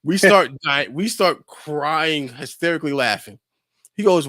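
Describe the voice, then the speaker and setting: A young man on a podcast, casually telling a lively story and acting out his friends' lines, with lots of filler words. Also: a little high, measured pace, dry recording, clean studio sound. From New York. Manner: animated storyteller, acts out friends' voices, lots of "like". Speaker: podcast co-host.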